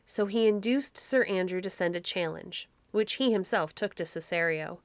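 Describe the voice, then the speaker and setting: Woman gently reading a story aloud. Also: on the low side, moderate pace, clear, resonant tone, no room sound.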